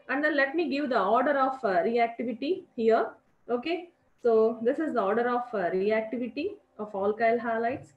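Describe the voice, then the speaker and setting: Indian woman teaching chemistry, echoey lo-fi. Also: on the high side. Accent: Indian English. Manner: repetitive, stressing key points, addresses students as children. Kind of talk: classroom lecture. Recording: echoey lo-fi room recording.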